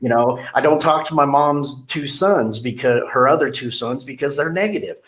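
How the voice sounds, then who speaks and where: A man's voice: mid-range voice, normal speed, fairly bright tone. A man hosting a podcast, chatting casually and telling rambling, blunt stories. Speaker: podcast host. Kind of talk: casual interview chat.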